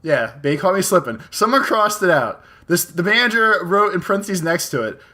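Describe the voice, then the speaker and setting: A man's voice: sits high, animated, normal speed, bright, forceful tone. A man co-hosting a casual podcast chat, crude and joking, laughing often. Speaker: podcast co-host.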